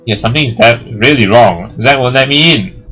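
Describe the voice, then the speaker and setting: A man hosting a let's play who reads the game's text aloud and jokes about it, laughing and getting loud when excited. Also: medium pitch, a little fast, soft background music. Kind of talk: reading game text aloud with casual commentary.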